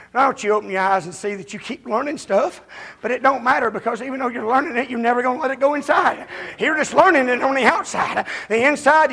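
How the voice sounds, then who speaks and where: A man preaching a revival sermon in a folksy way, breaking into shouts and chuckles. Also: very high voice, husky.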